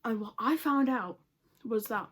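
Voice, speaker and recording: A slightly high-voiced woman, chatting to camera at home in a casual storytime. She talks bluntly, swears freely and laughs often. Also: a little slow, fairly bright tone. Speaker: vlogger.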